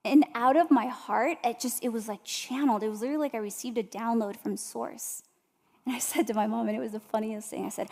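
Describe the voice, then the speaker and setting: A motivational speaker gives an inspirational talk, telling stories directly to her audience. Her voice is a little high, fast and darkish in tone, and a long hall reverb surrounds it.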